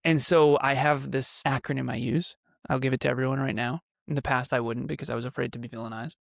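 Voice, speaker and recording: A man's voice: mid-range voice, steady tone, fast talker, gravelly, no echo, studio quality. A man speaking as a guest on a podcast, emphatic and intense, pressing his points with rising force and the odd laugh. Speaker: podcast guest, company CEO. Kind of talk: passionate podcast conversation.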